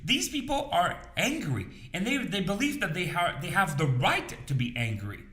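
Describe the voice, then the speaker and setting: A man's voice: sits high, big pitch swings, moderate pace, sharp tone, roomy sound. A man coaching business owners in a casual, conversational way, often checking in with his listeners. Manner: conversational, repeats phrases, checks in with "okay?" and "you understand?". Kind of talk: casual advice talk to camera.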